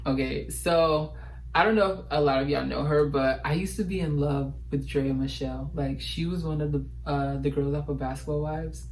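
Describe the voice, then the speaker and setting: A man's voice: fairly high pitch, normal speed, slight background noise, poor audio. Young male vlogger, casual chat, slangy and theatrical. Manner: animated, slangy, dramatic.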